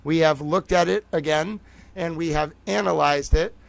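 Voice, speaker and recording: A man hosts a live stream in a high, gravelly voice, sliding into fry as he talks. He is theatrical and excitable, piling up exclamations and repeating himself. The sound is dry and close. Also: moderate pace, no echo. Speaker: livestream host.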